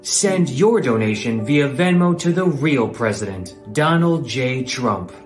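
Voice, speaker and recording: A man's voice: medium pitch, lively intonation, unhurried, reverberant, soft background music. A man voicing a parody charity appeal in a solemn, pleading tone.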